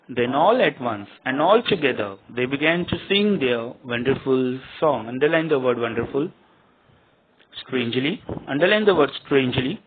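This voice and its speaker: A man's voice: a little high, a little hiss or hum. A male teacher reading a story aloud to a class, dictating words to underline and repeating their meanings, recorded with a tinny phone-like sound.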